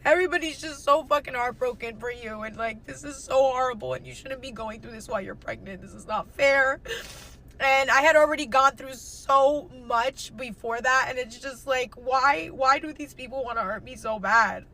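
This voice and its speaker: A woman's voice: high voice, normal speed, bright, forceful tone, rough recording. A young woman telling a painful personal story to camera, emotional and close to tears, swearing and repeating herself.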